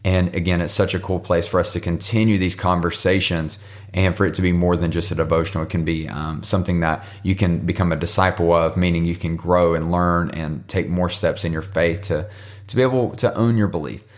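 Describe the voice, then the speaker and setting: Earnest low-voiced man hosting a devotional podcast. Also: fairly even intonation, brisk. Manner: earnest and encouraging, repeats words as he goes. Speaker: podcast host. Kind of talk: casual devotional podcast talk.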